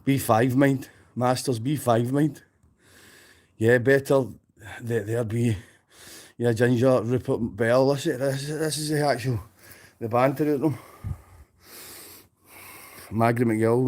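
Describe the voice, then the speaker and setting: A man's voice: medium pitch, fairly even intonation, takes it slowly, pauses often, a little mellow. A man with a Scottish accent, ranting and swearing as he streams, mocking people he is angry at. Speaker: livestreamer. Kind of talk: profane livestream rant.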